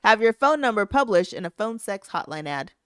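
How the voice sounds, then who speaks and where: A woman's voice: mid-range voice, very animated, fairly quick, clear, resonant tone, dry recording, studio quality. A woman co-hosting a podcast, chatting casually and laughing often. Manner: amused, laughs a lot. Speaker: podcast co-host. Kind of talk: casual chat.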